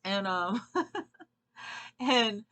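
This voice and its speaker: A woman's voice: mid-range voice, expressive, drawn-out words, sharp tone. A woman vlogging, telling a long casual story in a rambling, chatty way and laughing often.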